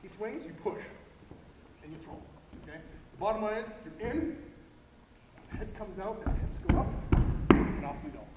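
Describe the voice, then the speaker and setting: A man explains blocking technique at a coaching clinic, driving his points home and pausing for "okay?" His voice sits high for a man. He is recorded from across a large hall with a long, roomy echo. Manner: emphatic, repetitive, frequent "okay?". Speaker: football line coach. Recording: echoey hall, far from mic, noisy.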